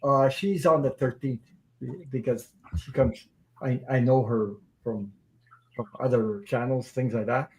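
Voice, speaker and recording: A man's voice: medium pitch, steady tone, measured pace, darkish tone, a little hiss or hum, rough recording. A man hosting a casual live-stream group chat on a video call. He tells stories with feeling and often repeats himself. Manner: emotional, repeats himself while telling a story.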